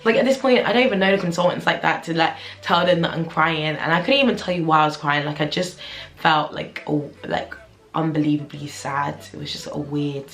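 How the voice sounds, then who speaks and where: A woman's voice: low-pitched, fairly quick, fairly bright tone. A young woman, a junior doctor chatting candidly to camera in a casual vlog, with lots of "like". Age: 20s. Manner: candid, chatty, heavy use of "like". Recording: roomy echo with faint music.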